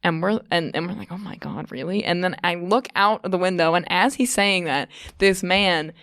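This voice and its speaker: A woman's voice: fairly low pitch, moderate pace, fairly bright tone, smooth, dry recording, clean studio sound. A young woman guest on a podcast, a comedian telling a long rambling story in casual chat and laughing often. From England.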